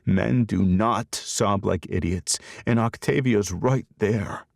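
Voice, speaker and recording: An expressive male narrator telling a romance in the first person. His low voice is gravelly and swings widely in pitch, recorded dry and close. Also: slow pace, no room sound. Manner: expressive, storytelling. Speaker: audiobook narrator.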